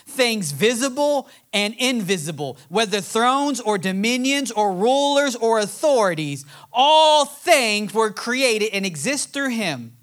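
A man's voice: very high voice, a bit bright. A man preaching a sermon, reading scripture aloud and building to emphatic, passionate points. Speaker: pastor.

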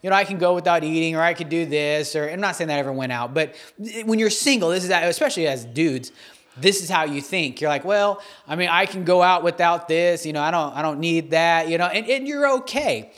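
A man in his thirties preaches a sermon in a slightly high voice. He reads scripture, then retells it in a casual, earnest way, full of restarts and fillers. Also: fairly bright tone. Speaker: pastor.

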